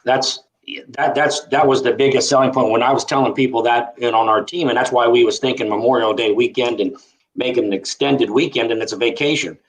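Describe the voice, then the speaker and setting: A man's voice: medium pitch, steady tone, a little fast, low-quality recording. A man co-hosting a casual interview talks in an ordinary mid-range voice. He is enthusiastic and stumbles over his words as he restarts sentences.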